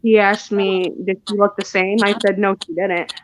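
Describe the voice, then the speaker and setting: Woman speaking haltingly, dry sound. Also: mid-range voice, level tone, dry recording, rough recording. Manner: halting, repeats words and restarts. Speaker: guest, mother of a missing child. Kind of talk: emotional interview recounting events.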